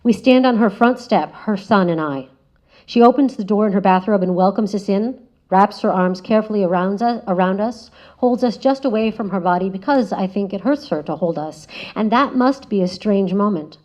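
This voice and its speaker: As a guest speaker in a lecture room, a woman with a mid-range pitch presents a prepared spoken essay. Her delivery is measured and reflective, phrases often softening as they end, and the recording is slightly dull and lo-fi.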